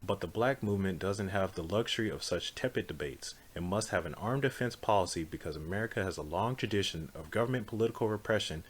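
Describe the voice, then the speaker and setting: A man reading a political text aloud in a measured, earnest, declarative way. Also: low voice, breathy edge. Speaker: audiobook reader.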